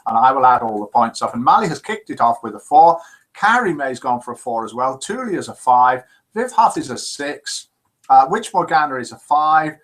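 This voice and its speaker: A man hosting a live call-in show, in a jokey, lively manner, chatting and reading out listener messages. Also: mid-range voice, normal speed.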